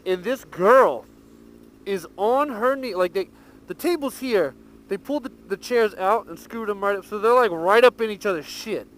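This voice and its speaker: A motovlogger with a high-sitting voice at normal speed tells a profane hotel story in a casual vlog, laughing and animated. He's outdoors riding his motorcycle, recorded on a helmet mic.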